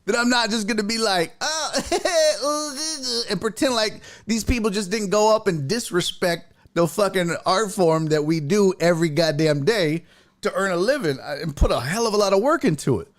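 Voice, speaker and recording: A man hosting a sports talk show, a comedian telling a profane, emphatic story in an animated way, sounding a bit congested. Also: sits high, fairly quick. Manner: profane, emphatic, fired-up ranting. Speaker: podcast host and stand-up comedian.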